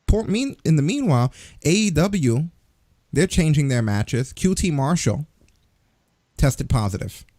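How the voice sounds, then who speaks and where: A man's voice: fairly high pitch, sing-song, a little slow, warm tone, no room sound, clean studio sound. A man co-hosting a wrestling news podcast in casual chat, ranting sarcastically with plenty of swearing. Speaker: podcast co-host.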